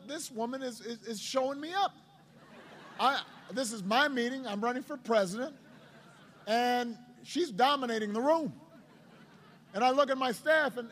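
A middle-aged man, a politician, telling a story in a speech to a crowd, with a halting delivery full of repeated words. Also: very high-pitched, a bit bright, slight background noise.

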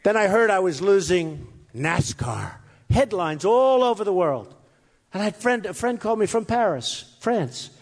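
Male candidate, rambling rally speech, boastful and repetitive, lively swooping delivery, reverberant hall. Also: sits high, normal speed. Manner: boastful, rambling, repeats phrases; mocks his critics in quoted voices. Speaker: political candidate addressing a rally. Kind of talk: off-the-cuff campaign speech. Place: hot crowded room with an audience. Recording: echoey hall, faint crowd.

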